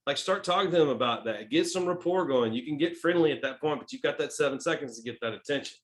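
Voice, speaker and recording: This man from Texas runs a sales training session, talking fast with few pauses in a mid-range voice. His delivery is emphatic, full of "right?" and "okay?" check-ins, and it moves from loud emphasis to quiet asides.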